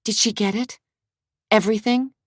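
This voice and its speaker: A woman's voice: medium pitch, unhurried, darkish tone, dry recording, studio quality, voice pushed up, natural voice. A woman reading an audiobook, voicing a tense young woman who asks anxious, pressing questions in a raised voice. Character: tense young woman searching for her mother.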